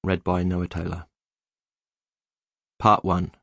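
A man narrating an audiobook in a measured, even storytelling manner, close to the mic. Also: sits low, vocal fry, dry recording. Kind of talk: scripted narration.

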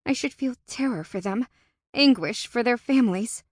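A woman narrating a first-person fantasy audiobook in an expressive, tense and dramatic manner. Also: fairly high pitch, moderate pace, no room sound, clean studio sound.

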